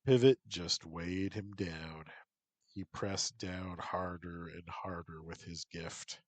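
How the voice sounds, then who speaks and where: A man reading a story aloud in a steady, measured narration. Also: low voice, dry recording, rough recording.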